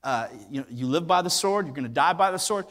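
A man's voice: a little high, animated, brisk, a bit bright, pitched below the performer's own voice. A man voicing an old blind father who gives a heavy, sorrowful refusal. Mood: grave.

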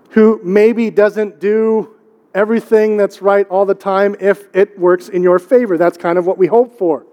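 A middle-aged pastor with a voice high for a man preaches a sermon in a church sanctuary, keeping it casual and conversational and relying on repetition and questions to the congregation. The recording is muffled, with a long hall echo.

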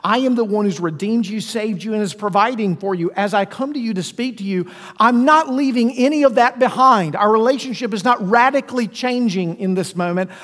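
A man preaches as pastor in a conversational way, putting questions to his congregation. His voice sits high, is a bit bright, and moves fairly quickly, with the long reverb of a church hall around it.

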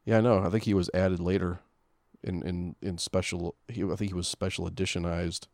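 A man's voice: deep voice, little pitch movement, fairly quick, darkish tone, no room sound, clean studio sound. A man co-hosting a casual movie commentary podcast, talking hesitantly with many fillers. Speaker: podcast co-host.

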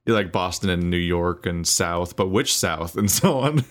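A man with a fairly low voice, joking around in a casual chat and swearing offhandedly. He keeps a loose, conversational delivery. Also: lively intonation, normal speed.

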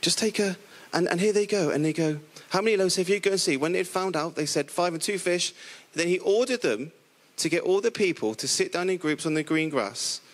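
Animated playful preacher, man. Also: on the high side, a little fast. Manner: playful, animated storytelling with voiced characters. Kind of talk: lively sermon.

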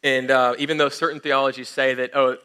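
A man's voice: medium pitch, level tone, brisk, sharp tone, smooth. A young man giving an earnest, emphatic sermon as a pastor, often restarting his sentences.

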